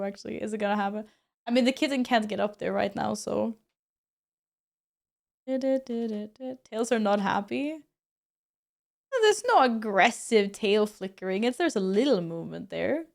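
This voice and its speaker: A woman's voice: mid-range voice, vocal fry. A young woman streamer chatting casually with her viewers, laughing often and exclaiming as she comments on her cats.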